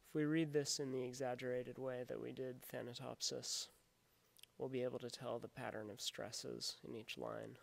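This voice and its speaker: Male poetry lecturer: gravelly voice, low on melody, calm and methodical. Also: normal speed. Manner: steady explanatory delivery, reading verse with exaggerated stresses. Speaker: teacher. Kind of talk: recorded lecture on poetic meter.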